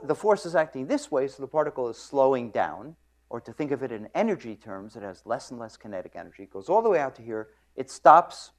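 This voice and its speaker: A man giving a university physics lecture in an animated storytelling manner, clearing his throat often. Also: fairly high pitch. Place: lecture room.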